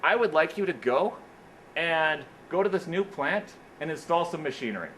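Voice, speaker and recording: A man playing a stern, decisive older company head in a story he tells, speaking in a brisk, commanding way. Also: on the high side, expressive, fairly bright tone, a little hiss or hum, poor audio.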